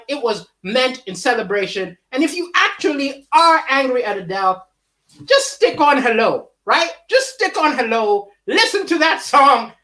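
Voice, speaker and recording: A man does stand-up comedy on a livestream from his house. He's animated, his pitch rises and falls dramatically, and he chuckles between jokes.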